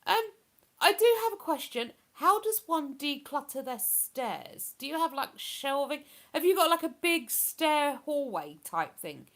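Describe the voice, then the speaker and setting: A woman's voice: high voice, sing-song, a little slow, fairly bright tone. A woman with a chatty, rambling manner, hosting a casual live stream and reading out viewer comments. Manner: chatty, rambling, with many fillers.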